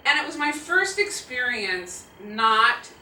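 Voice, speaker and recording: A woman in her fifties, a guest speaker answering audience questions, telling stories in an animated, laughing, self-deprecating way. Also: on the high side, takes it slowly, slight background noise. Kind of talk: live audience Q&A storytelling. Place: auditorium with audience. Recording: roomy hall sound from a distant mic.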